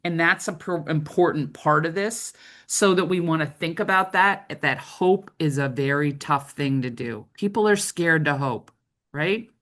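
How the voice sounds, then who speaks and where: A middle-aged woman trainer giving a conversational training lecture, often checking in with "right?". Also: low voice.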